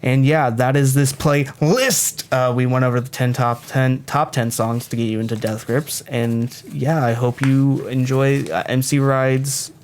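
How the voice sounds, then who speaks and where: A man's voice: medium pitch, fairly even intonation, unhurried, few pauses, a little hiss or hum. A young man co-hosting a casual music podcast, rambling, joking and correcting himself as he goes. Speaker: podcast co-host.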